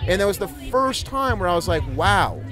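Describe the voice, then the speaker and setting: A man, a weightlifter, telling his career story in an excitable, animated way during an outdoor interview at a competition. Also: high-pitched, brisk, over music, a crowd in the background. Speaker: weightlifter guest.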